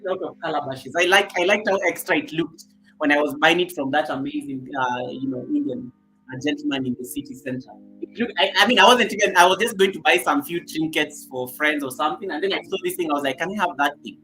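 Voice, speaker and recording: A man's voice: a little high, fast talker, pushed and bright, soft background music, rough recording. A man hosting a casual livestream, chatty and repetitive, greeting viewers one by one by name. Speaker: livestream host.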